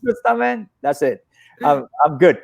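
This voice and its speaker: A man's voice: a little high, measured pace, vocal fry. A man, a stunt coordinator guest, telling stories in a casual interview and acting out what people said. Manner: animated, acts out quotes.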